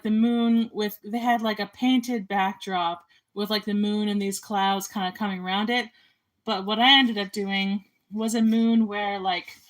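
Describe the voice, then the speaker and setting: Young woman, casual chat, rambling, filler-heavy, middle-pitched voice, indie filmmaker. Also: poor audio. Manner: rambling, chatty, lots of ums and likes. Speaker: amateur filmmaker and artist.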